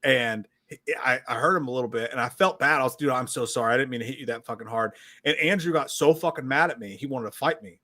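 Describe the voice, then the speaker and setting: A man, co-hosting a casual livestream and telling profane stories with loud shouted quotes. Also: mid-range voice, fast talker. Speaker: podcast co-host.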